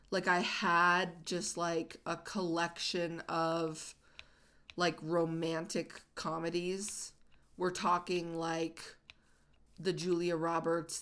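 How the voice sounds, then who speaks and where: A woman's voice: fairly low pitch, a bit bright. A woman hosting a casual let's-play, chatting and rambling with lots of "like" fillers as she plays. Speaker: gaming channel host.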